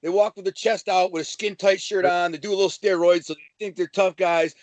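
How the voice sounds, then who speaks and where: A man from Detroit with a notably high voice spins swaggering stories as a guest, talking casually and bursting into animated, profane asides. The sound is close and dry, with no room around it. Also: fairly quick, no room sound. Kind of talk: casual storytelling.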